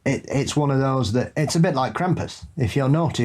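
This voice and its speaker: A man co-hosting a ghost story podcast, chatting casually and reading out listener stories in a dry, unhurried way. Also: mid-range voice, lively intonation, a little mellow. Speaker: podcast co-host.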